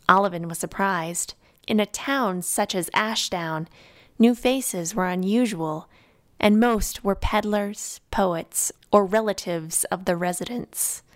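Woman audiobook narrator, unhurried, measured, calm. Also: mid-range voice, no room sound, clean studio sound. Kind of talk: scripted narration.

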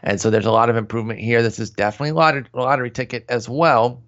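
A man's voice: medium pitch, fairly even intonation, rapid-fire, a bit bright, muffled recording. A man hosting a casual baseball podcast, talking through stats in a conversational way with frequent fillers. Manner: analytical, conversational, many fillers. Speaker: podcast host.

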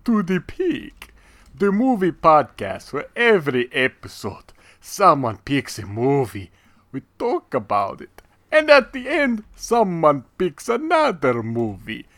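A man's voice: fairly high pitch, huge pitch swings, fairly bright tone, dry recording, heavily acted. A man putting on a grand vampire count. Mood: theatrical. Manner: slow, grandly drawn-out welcome. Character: male vampire count, theatrical night host. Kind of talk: podcast intro.

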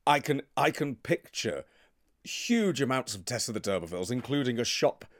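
A man's voice: mid-range voice, big pitch swings, moderate pace, dry recording. Chatty man with a dry close sound. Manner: enthusiastic, digressive storyteller. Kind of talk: casual chat.

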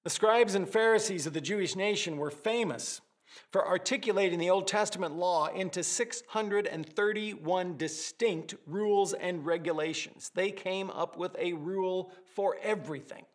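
A man with a rather high voice preaches to his congregation. He delivers the sermon in an animated way, building vivid word pictures and dropping in light humorous asides. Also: moderate pace. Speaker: pastor.

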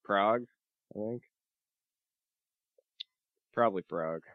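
A man co-hosting a casual podcast chat, laid-back and quick to laugh and riff. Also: on the low side, dry recording, narrow, tinny audio.

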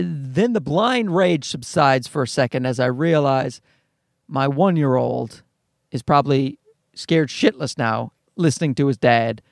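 A man's voice: mid-range voice, creaky, no room sound, studio quality. A man telling a story as an exasperated, profane rant. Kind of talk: comic ranting anecdote.

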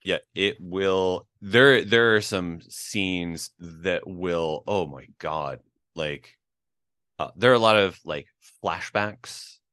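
A deep-voiced man co-hosting a podcast takes it slowly, his delivery pushed and bright, as he chats casually about a movie with frequent fillers and restarts. The sound is studio quality without echo.

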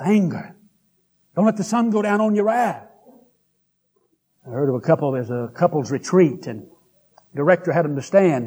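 A man preaches in a husky, fairly high voice. He is folksy and emphatic, swinging from high exclamations to low, heavy asides. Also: a little mellow. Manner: folksy and emphatic, with pitch that leaps up and sinks low. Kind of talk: revival-style sermon.

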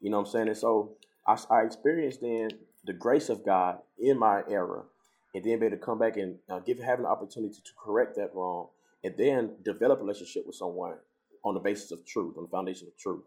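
A man with a fairly low voice tells a story in relaxed, casual conversation. He slips into lively, higher voices whenever he quotes someone. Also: quick pace. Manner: storytelling, animated when quoting others.

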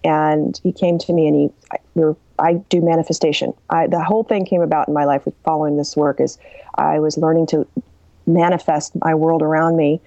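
Animated woman coach, dark muffled sound. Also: sits low, a little fast, creaky, no echo. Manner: animated, acts out quoted people. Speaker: author and coach. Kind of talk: interview answers, storytelling.

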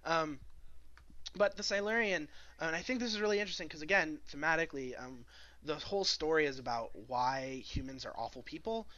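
A man's voice: fairly high pitch, brisk, bright, forceful tone, muffled recording. A man co-hosting a podcast, recapping an episode in a rambling casual chat full of fillers and laughs. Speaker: podcast co-host.

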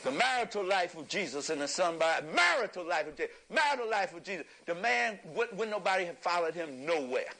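A man with a high, bright voice delivers a fiery lecture to a live audience. He talks like a preacher, building his points until he is shouting. He chuckles along the way. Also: very animated, brisk, gravelly, few pauses, rough recording. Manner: preacherly, emphatic, rising to shouts.

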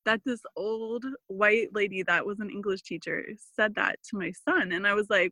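Woman in her 30s on a podcast, bright forward voice, dry close sound, lots of likes and ums. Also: medium pitch, normal speed, hardly any pauses, no room sound, rough recording. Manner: chatty, many fillers, animated quoting. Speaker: podcast guest. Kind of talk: casual interview storytelling.

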